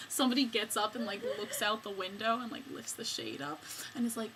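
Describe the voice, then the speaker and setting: A woman's voice: mid-range voice, lively intonation, brisk, noisy background. A young woman chatting casually on a vlog, telling rambling stories with frequent laughs and fillers. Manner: giggly rambling storyteller, many fillers.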